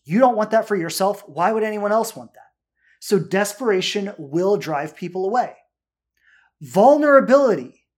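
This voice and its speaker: A man with a high voice for a man talks through listener questions as a relationship coach. He is earnest and direct, and he often adds "right?" to check that the listener follows. His tone is that of a coaching show.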